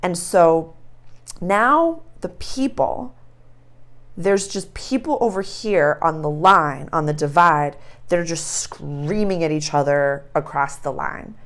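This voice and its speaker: A woman hosting an astrology channel, talking in a casual, animated spiritual monologue and acting out little scenes. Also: sits low, slow. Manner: animated storytelling, acts out voices.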